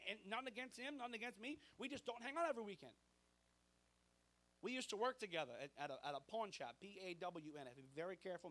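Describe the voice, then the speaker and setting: A man, preaching a sermon in a conversational, animated way, acting out dialogue from his stories. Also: sits high. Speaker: pastor.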